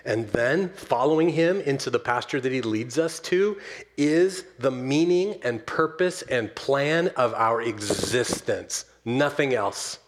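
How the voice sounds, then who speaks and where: A man preaching a sermon to his church as pastor, swinging from loud emphatic stresses down to soft, slow closing words. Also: medium pitch. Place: church sanctuary.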